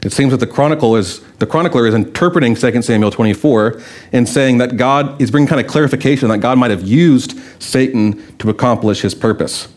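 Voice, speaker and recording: A man's voice: medium pitch, brisk, darkish tone. A man preaching a sermon in a conversational way, asking rhetorical questions and telling stories. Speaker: pastor.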